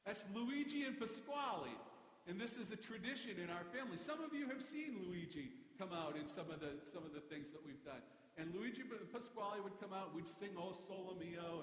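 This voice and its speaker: A man's voice: sits high, fairly bright tone. A man giving a sermon as pastor, telling humorous stories in a conversational way. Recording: echoey hall.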